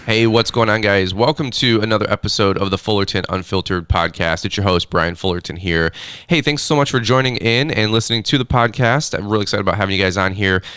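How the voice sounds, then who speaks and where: A man's voice: on the low side, fast talker, fairly bright tone, smooth, no room sound, studio quality. A man hosting a podcast, chatting casually and upbeat with a guest, with lots of fillers and restarts. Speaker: podcast host. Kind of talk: casual interview chat. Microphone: on a phone call.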